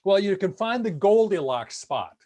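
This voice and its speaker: A man with a rather high voice gives an online talk. He tells stories with energy and slips into the voices of the people he quotes. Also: moderate pace. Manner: animated storyteller acting out quoted voices. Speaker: speaker. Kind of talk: lecture-style talk.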